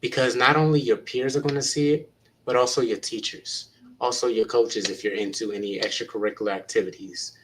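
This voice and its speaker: A man's voice: mid-range voice, fairly even intonation, fairly quick, background noise. A man who is a teacher, earnestly encouraging young people in a panel talk and retelling conversations with students.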